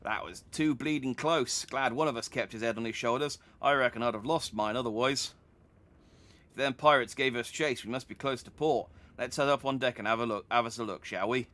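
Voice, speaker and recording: A man reads game dialogue fairly quickly in a bright, forceful mid-range voice, lightly acted. The role is a folksy, talkative middle-aged merchant with an assumed rustic English accent, friendly and homely, drawling and dropping letters.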